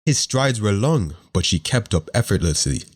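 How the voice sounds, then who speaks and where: A man reads a fantasy audiobook aloud in a very low voice. His delivery is steady and measured, in the manner of scripted narration. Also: husky.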